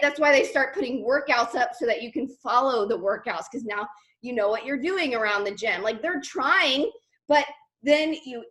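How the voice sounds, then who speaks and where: High-voiced chatty woman leading a team call. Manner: chatty, animated, full of fillers. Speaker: team leader on a sales call. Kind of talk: motivational team call talk.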